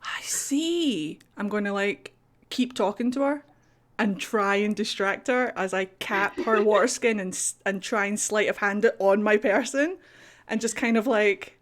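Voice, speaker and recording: A woman playing a tabletop game, excitable and casually swearing as she describes her moves. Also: mid-range voice, normal speed. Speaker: player.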